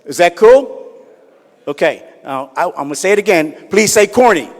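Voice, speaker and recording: A male comedian works the room at an awards night, teasing the crowd and pulling them into his banter. His voice sits a little high, and it rings through a large hall with long reverb. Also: animated, normal speed. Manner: chatty, teasing, asks the crowd for responses. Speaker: comedian and event host. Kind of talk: stand-up comedy and audience banter.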